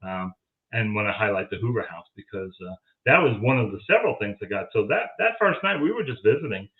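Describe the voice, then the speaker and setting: A man's voice: fairly low pitch, expressive, fast. A man telling a story in a casual chat, acting out the lines of the people he quotes. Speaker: guest, paranormal audio investigator. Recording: tinny phone-like line.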